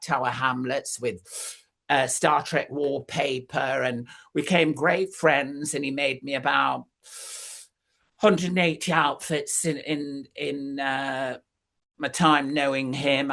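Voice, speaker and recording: A guest in their sixties, telling long anecdotes in a chatty interview, with many fillers and big jumps in pitch. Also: vocal fry, fairly bright tone. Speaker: guest, former recording artist.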